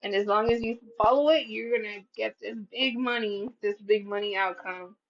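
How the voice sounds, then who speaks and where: A woman's voice: medium pitch, normal speed. A woman doing a casual tarot reading, blunt and profane, acting out what people say and laughing at her own readings. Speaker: tarot reader. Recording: slightly dull lo-fi sound.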